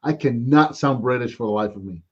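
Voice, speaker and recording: A man's voice: medium pitch, fairly quick, breathy edge, highs cut off. An American man chatting casually on a live stream about toy collecting, rambling and saying "man" a lot. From United States. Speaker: co-host.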